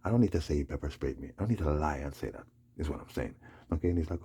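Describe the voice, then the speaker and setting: Male vlogger, rambling monologue, rough, husky and low. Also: rapid-fire, warm tone. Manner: rambling, agitated, repeats "you know what I'm saying". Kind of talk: casual storytelling monologue.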